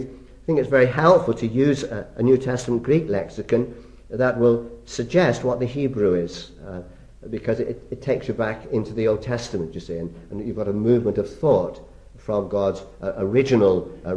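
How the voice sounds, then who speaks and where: An older man teaching on scripture in a deliberate, pausing way, with frequent restarts and rising pitch for emphasis. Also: dark tone. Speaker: Bible teacher.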